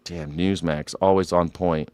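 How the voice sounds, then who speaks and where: Sarcastic low-voiced man reacting to news. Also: steady tone, measured pace, loud music behind the voice. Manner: sarcastic, irreverent, swears freely. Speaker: news reaction show host. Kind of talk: live news commentary.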